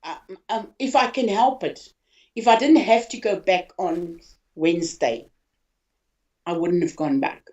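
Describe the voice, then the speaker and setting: An older woman from South Africa telling of her own hospital ordeal in a halting, emotional way, often repeating words. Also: on the low side, darkish tone. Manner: halting, repeats words, voice rising when upset. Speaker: interviewee, hospital patient. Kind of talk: emotional personal account. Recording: dull lo-fi audio.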